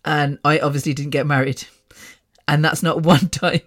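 A woman's voice: low-pitched, fairly even intonation, normal speed. A woman from England, hosting a podcast and telling personal stories in a frank, chatty way, often laughing. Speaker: podcast host. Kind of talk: casual storytelling monologue. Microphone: podcast microphone.

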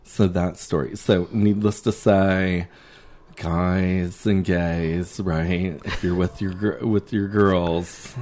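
A man's voice: low-pitched, level tone, slow pace, darkish tone, a little hiss or hum. A man co-hosting a podcast, chatty and teasing, with lots of filler words. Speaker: podcast co-host. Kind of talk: casual chat.

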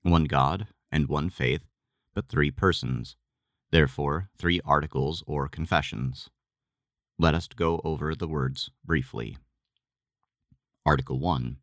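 A man giving a measured, deliberate scripted reading of a religious text. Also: extremely low pitch, a bit bright, no echo, studio quality. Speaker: reader.

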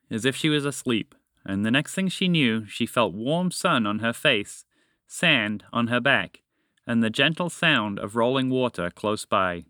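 A man reading a children's storybook aloud, animated and speaking directly to the listener. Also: mid-range voice, no echo, clean studio sound.

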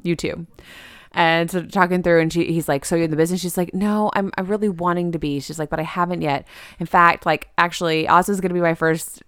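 A woman co-hosting a movie podcast, retelling scenes in lively casual chat and quoting characters. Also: on the low side, fairly quick, smooth, no room sound, clean studio sound. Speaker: podcast co-host.

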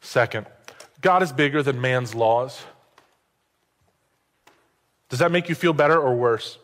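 A male pastor giving a sermon in a conversational, joking way, with quick asides to the congregation. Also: mid-range voice, fairly bright tone. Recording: long hall reverb.

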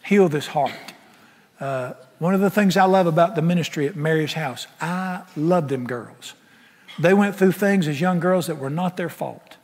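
A middle-aged pastor, preaching a folksy, impassioned sermon that swings from loud to soft. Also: male voice, on the high side, moderate pace. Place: large church sanctuary. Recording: echoey sanctuary with long reverb.

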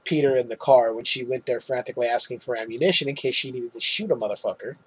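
A man casually recapping a movie on a podcast, animated, laughing often and swearing freely. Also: medium pitch, quick pace, breathy edge. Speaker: podcast co-host.

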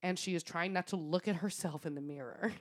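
A woman with a somewhat low voice tells a story to a friend in a loose, chatty way. She laughs often and swears freely as she talks. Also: a little fast. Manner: laughing, swearing, animated retelling. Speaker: podcast co-host. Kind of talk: casual storytelling chat.

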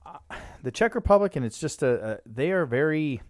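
Chatty Canadian podcast host, dry sound. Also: male voice, fairly high pitch, very animated, fairly quick, no room sound. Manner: chatty storyteller, laughs often. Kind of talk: casual podcast chat.

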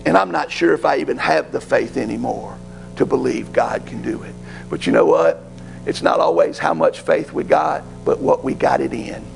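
A man's voice: mid-range voice, lively intonation, normal speed, vocal fry, faint music behind, rough recording. A man preaching a sermon as pastor, rising to fervent pleading.

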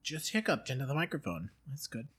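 A man co-hosting a podcast in casual comedic chat, laid-back and quick to laugh. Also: mid-range voice, very animated, a bit bright, husky. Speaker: podcast co-host.

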